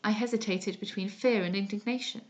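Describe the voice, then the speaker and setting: A woman narrating a classic novel aloud in a measured, expressive way. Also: medium pitch, muffled recording. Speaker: audiobook narrator.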